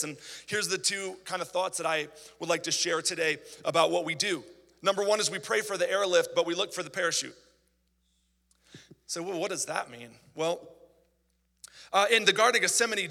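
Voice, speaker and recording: Animated high-voiced male preacher, bright and gravelly. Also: long reverb tail. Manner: animated, conversational preaching with asides. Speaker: pastor. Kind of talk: sermon.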